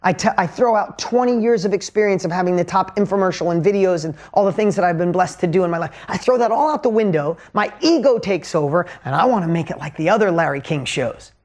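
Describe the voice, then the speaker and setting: A man in his fifties telling a business story as a motivational coach, energetic and emphatic, his pitch swinging widely to drive points home. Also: fast talker, few pauses.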